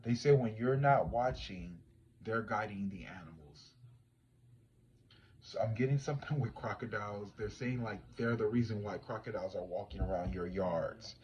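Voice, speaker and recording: A man who is a psychic tarot reader, telling a story to his livestream viewers in a casual, animated way, swinging from hushed to loud. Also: fairly low pitch, a little fast, hardly any pauses, dull audio, a little hiss or hum.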